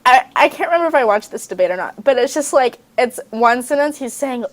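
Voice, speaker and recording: A woman's voice: sits high, lively intonation, brisk. A woman with a Southern US accent hosting a podcast in casual chat, profane and rambling with lots of ums. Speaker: podcast host.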